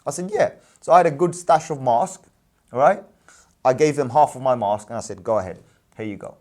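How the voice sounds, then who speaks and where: A man's voice: mid-range voice, a little fast. A man who runs a business, talking casually with a friend and pressing his points hard with rhetorical questions. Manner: animated, emphatic, repeats points with rhetorical questions. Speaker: businessman and parent, show host. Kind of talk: casual discussion.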